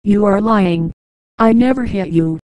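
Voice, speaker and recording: A woman's voice: mid-range voice, unhurried, darkish tone, dry recording, natural voice. A woman reading an audiobook, voicing an intense, emotional man who pleads and bursts out at his fiancée. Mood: anguished. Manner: emotional, pleading, with sudden outbursts.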